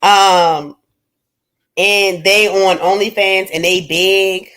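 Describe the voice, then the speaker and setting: A woman holds forth on a livestream. She is blunt and profane, swearing freely as she talks to her chat. Her voice swings between loud bursts and low asides. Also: fairly even intonation, drawn-out words. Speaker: livestream host. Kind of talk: casual livestream rant.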